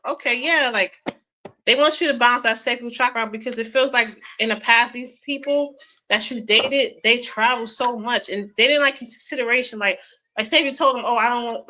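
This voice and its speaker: High, bright-voiced woman reading tarot. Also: a little fast, slight background noise, poor audio. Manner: giggly, keeps breaking into laughter and apologizing; chatty, informal speech with fillers. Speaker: tarot reader. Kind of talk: casual live tarot reading.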